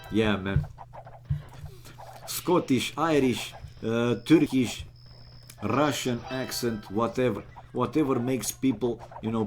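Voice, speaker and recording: A man who is not a native English speaker casting a live strategy game, excitable and chatty, with sudden bursts of exclamations and joking asides to viewers. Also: mid-range voice. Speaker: game caster.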